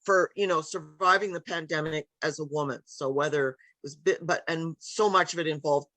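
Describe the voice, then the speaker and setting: A woman's voice: deep voice, brisk, a bit bright, no room sound. A woman author being interviewed over a video call, talking in a meandering, hesitant way with many ums and restarts. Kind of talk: casual conversational interview.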